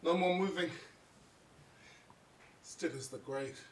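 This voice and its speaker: An actor playing a jealous, tormented husband in amateur stage acting, brooding murmurs breaking into shouts. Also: male voice, fairly high pitch, slow pace, a little hiss or hum. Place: outdoor stage, roomy. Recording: roomy echo from far off.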